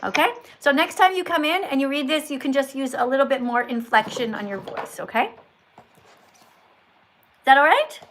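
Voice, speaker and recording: Bright-voiced woman hosting a live stream. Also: sits high, expressive, normal speed, long pauses, slight background noise. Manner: schoolteacher tone, correcting and praising. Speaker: livestream host. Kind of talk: live-stream chat with viewers.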